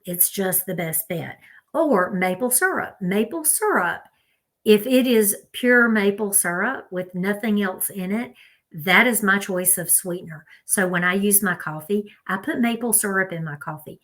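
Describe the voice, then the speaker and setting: A woman's voice: medium pitch, moderate pace, fairly bright tone. Southern woman vlogger, chatty and direct, addresses viewers as y'all. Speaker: health vlogger. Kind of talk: casual advice talk.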